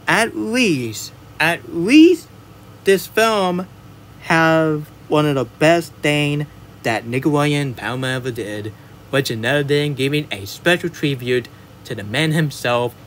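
A man's voice: a little high, normal speed, fairly bright tone. Rambling man ranting about a movie. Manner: rambling and emphatic, restarts sentences often. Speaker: movie reviewer. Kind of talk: casual spoken movie rant.

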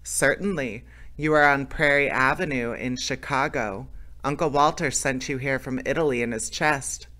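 A man's voice: mid-range voice, moderate pace, pushed and bright, close to an everyday voice. A man voicing a young girl who talks in an earnest, scolding way.

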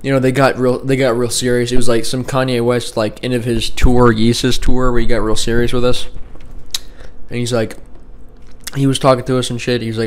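A man's voice: medium pitch, a little fast. Rambling, profane young man vlogging. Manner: rambling, profane, deadpan and sarcastic. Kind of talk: casual vlog chat. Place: home bedroom.

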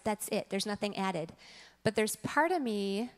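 A woman's voice: medium pitch, measured pace, big-room sound. A woman in her thirties or forties, a church teacher, telling a story in a sermon and acting out the quotes in it. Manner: animated storytelling, acts out quotes. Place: church sanctuary.

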